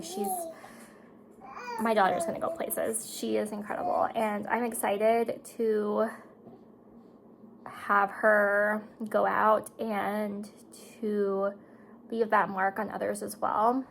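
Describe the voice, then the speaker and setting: A woman's voice: mid-range voice, vocal fry, a little hiss or hum, low-quality recording. A woman in her thirties chatting casually to her viewers while doing her makeup, talkative and emotional, tearing up at times. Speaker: beauty vlogger and mother.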